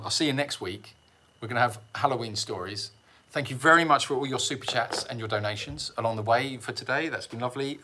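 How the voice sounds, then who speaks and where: Guy rambling on a livestream, low-ish voice but bright and forceful, keeps laughing at himself. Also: a little hiss or hum. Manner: rambling, self-mocking, chuckles often. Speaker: sanctuary livestream host. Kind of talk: casual livestream chat.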